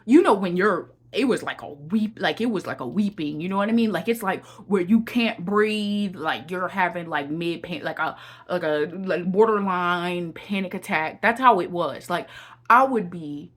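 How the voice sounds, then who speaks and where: A woman's voice: lowish voice, normal speed, husky. A young woman giving a heartfelt personal testimony and encouragement to viewers, often repeating her phrases and calling them y'all. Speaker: Christian encouragement vlogger.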